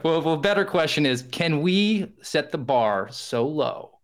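A man's voice: a little high, animated, unhurried. A man filling in as podcast host, talking in a chatty, self-deprecating way with frequent fillers. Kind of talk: casual podcast monologue.

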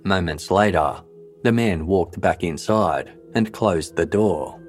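A man with a very low voice narrates a true-crime story in a measured, even, scripted delivery. Soft music plays quietly underneath him. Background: faint background music.

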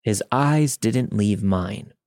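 A man's voice: lowish voice, slow pace, a little mellow, no room sound, studio quality. A man narrating a first-person story in a wry, conversational way.

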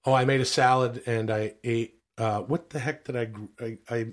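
A man from Canada, co-hosting a comedy podcast in loose, rambling banter, a bit hoarse and quick to swear. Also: mid-range voice, steady tone. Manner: rambling, profane, restarts his stories. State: slightly hoarse. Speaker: podcast co-host.

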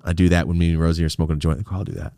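A man's voice: low-pitched, little pitch movement, very fast, mellow, no echo, studio quality. A man casually telling a rambling, profane road-trip story as a podcast host.

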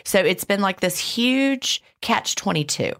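A woman's voice: mid-range voice, expressive, a little slow, a bit bright. A woman co-hosting a podcast, talking casually and emotionally, with laughs and restarts. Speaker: podcast co-host.

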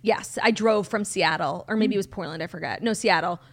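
A young American woman co-hosting a podcast in casual chat, talking fast and loose with lots of fillers. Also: lowish voice, fairly bright tone. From United States. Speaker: podcast co-host.

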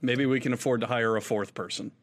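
Swearing, animated podcast host man. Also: mid-range voice, fast talker. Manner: animated, swears freely, laughs often. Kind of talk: casual chat.

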